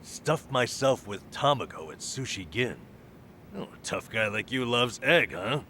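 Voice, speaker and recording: An actor playing an upbeat, friendly young male hero who speaks in an excitable, animated way. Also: mid-range voice, unhurried, slight background noise. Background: game music.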